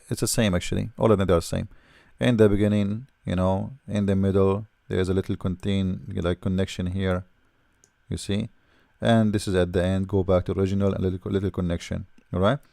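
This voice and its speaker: A man's voice: fairly low pitch, vocal fry, darkish tone, no room sound, studio quality. A man teaching the alphabet patiently, repeating sounds and often checking in with "all right?". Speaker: language teacher. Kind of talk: explaining letters while writing.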